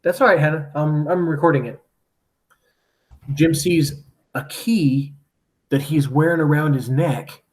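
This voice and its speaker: A man's voice: a little high, steady tone, unhurried, pauses often. A man teaching a class, casually retelling a story with lots of "like" and "right?".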